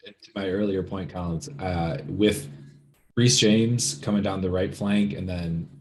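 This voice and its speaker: Very deep-voiced man mulling football tactics. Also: steady tone, a little slow. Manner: hesitant, thinks aloud with fillers. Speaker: podcast co-host. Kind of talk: casual football chat.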